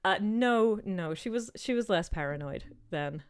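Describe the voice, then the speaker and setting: A woman in her thirties with a softened Northern Irish accent, chatting casually as she answers viewer questions on a livestream, rambling with plenty of "um" and "like". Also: medium pitch, animated, a little slow, clear, resonant tone. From Northern Ireland. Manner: chatty and rambling, with many "um" and "like" asides.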